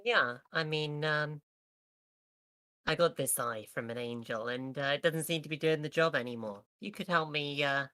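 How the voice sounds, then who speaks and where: Low-voiced hesitant woman player. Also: moderate pace, fairly bright tone, dry recording. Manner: hesitant, sprinkled with "um" and "uh". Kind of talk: in-character tabletop play.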